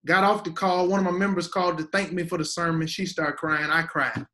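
Guest pastor, man, fairly high voice, preacher's emphatic cadence. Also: fairly even intonation, fairly quick, bright, forceful tone. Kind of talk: preaching-style teaching conversation.

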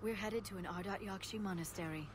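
Woman playing a calm alien scientist, measured explanations, video game dialogue, steady tone, loud hum behind. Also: medium pitch, lightly acted. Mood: grave. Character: composed alien scientist woman, serious and informed. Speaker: squad member.

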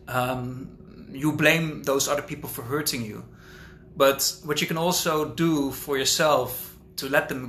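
Talkative man host, casual livestream chat, bright voice, roomy echo with faint ambience. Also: medium pitch, slight background noise. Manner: rambling, talkative, thinks out loud. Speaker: author hosting a live Q&A.

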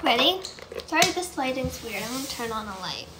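A woman singer chatting casually between songs on a live stream, quick to apologize and laugh at herself. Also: high voice, sing-song, heavy background noise. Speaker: singer-songwriter. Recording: echoey room.

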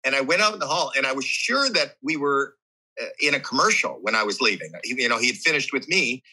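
A man with a very bright, husky voice at a middle pitch tells a personal story as an interview guest. He talks with candid, animated earnestness, playing out voices as he goes. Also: quick pace, low-quality recording. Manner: animated, acts out his own and others' voices. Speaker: podcast guest.

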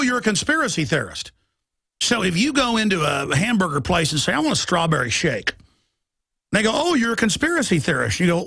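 A male radio talk show host giving an emphatic, mocking political monologue that rises toward shouting. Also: a little high, creaky, no room sound, studio quality.

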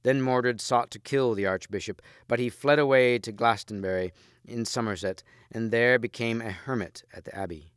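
A man reading a storybook aloud in a measured, steady way, close to the mic. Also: mid-range voice, clean tone, no echo. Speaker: audiobook reader.

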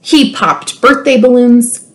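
A woman school librarian reading a children's storybook aloud, expressive and playful, with teasing asides to her listeners. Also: on the high side, takes it slowly.

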